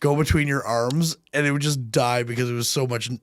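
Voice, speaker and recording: A man's voice: mid-range voice, steady tone, a little fast, no room sound. A man co-hosting a hockey podcast in casual chat, joking around and slipping into silly impressions. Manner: jokey, breaks into silly impressions and laughter. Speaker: podcast co-host.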